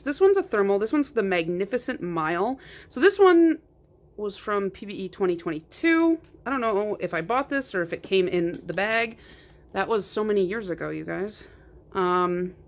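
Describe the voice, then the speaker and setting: Woman vlogger rambling about her polish stash, chatty, laughs at herself a lot, middle pitch. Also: a bit bright. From United States. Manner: chatty and self-mocking, laughs often. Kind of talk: casual chat.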